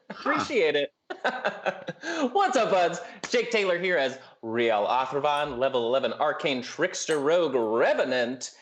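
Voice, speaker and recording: A man's voice: a little high, very animated, takes it slowly, fairly bright tone, a little hiss or hum. A man with an upbeat manner who laughs often, chatting casually as a player on a live stream.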